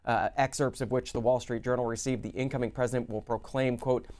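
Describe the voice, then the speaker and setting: Male news host, mid-range voice, steady headline read-through. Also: medium pitch, fairly quick. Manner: steady, informative, reads quotes. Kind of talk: reading headlines on live TV.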